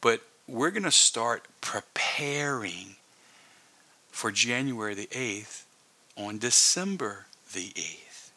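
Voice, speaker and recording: A male pastor preaching earnestly in a conversational way, dropping into hushed whispers for emphasis. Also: mid-range voice, lively intonation, takes it slowly. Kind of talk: sermon.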